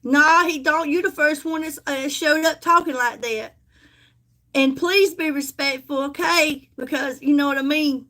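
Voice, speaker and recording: A woman's voice: high-pitched, a little slow, a bit bright. A woman with a Southern US accent chatting folksily with viewers on a casual live stream, calling them honey as she sells.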